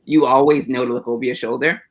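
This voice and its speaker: A man rambling through casual chat on a livestream, relaxed and wandering, heard over a video call. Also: mid-range voice, fast, low-quality recording. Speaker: panel guest.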